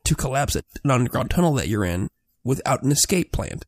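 A man co-hosting a podcast, talking in an excitable, sarcastic, profane way. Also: mid-range voice, quick pace. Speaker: podcast co-host. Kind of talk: casual chat.

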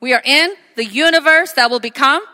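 A woman's voice: high-pitched, a little fast, sharp tone. A woman pastor preaching a sermon, emphatic, repeating her phrases and calling for amens. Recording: echoey hall with long reverb.

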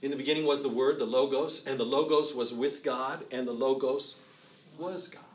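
A man's voice: mid-range voice, steady tone, normal speed, lo-fi sound. Conversational middle-aged man preaching. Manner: conversational, repeats himself, asks the room questions. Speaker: pastor. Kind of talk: teaching sermon on scripture.

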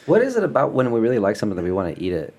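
A man's voice: on the low side, wildly swooping pitch, rapid-fire, a little mellow. A man hosting a casual conversation, chatty, loose and enthusiastic. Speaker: podcast host.

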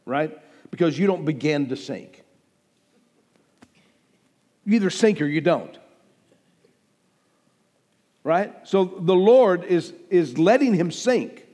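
A man preaching a sermon, his voice pitched a little high. He swells and drops in volume and acts out the lines he quotes. The long reverb of a church hall trails behind every phrase. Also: dark tone, slightly rough. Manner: emphatic preaching, rising and falling in volume, acting out quoted speech. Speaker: pastor.

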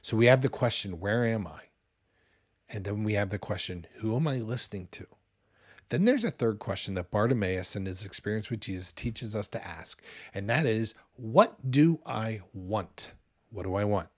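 Animated conversational preacher man. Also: fairly low pitch, normal speed, slightly rough, dry recording, clean studio sound. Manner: conversational and animated, acts out quotes with loud bursts. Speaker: pastor. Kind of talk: sermon.

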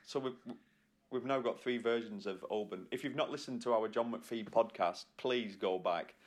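A man's voice: on the low side, moderate pace. A man co-hosting a podcast from the UK, chatting and telling jokey stories with plenty of laughs. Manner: jokey, animated, laughing storyteller. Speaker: podcast co-host. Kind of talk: casual chat.

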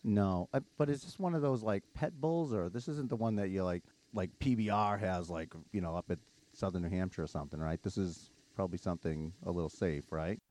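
Mellow-voiced podcast host telling a story. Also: male voice, deep voice. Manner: storytelling, animated, quick to laugh. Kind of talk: casual podcast chat.

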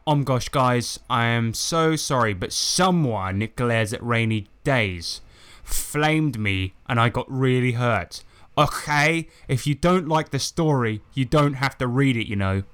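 Exasperated man with a smooth voice. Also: medium pitch, lively intonation, a little slow, fairly bright tone. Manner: exasperated, sarcastic, swearing. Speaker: podcast co-host. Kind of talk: comedic reading of fan fiction.

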